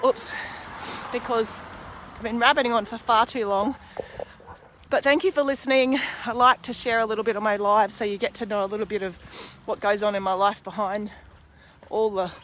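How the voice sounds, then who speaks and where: A woman's voice: medium pitch, a bit bright, slight background noise. A woman in her forties talking candidly to camera in a rambling, casual personal monologue, now and then swearing mildly. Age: 40s. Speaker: vlogger and podcaster.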